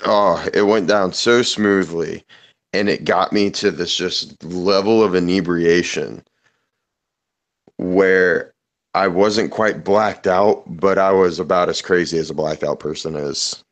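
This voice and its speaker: A man's voice: deep voice, steady tone, slow. A man in casual chat on a voice call, telling rambling, profane stories and laughing often. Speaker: podcast host.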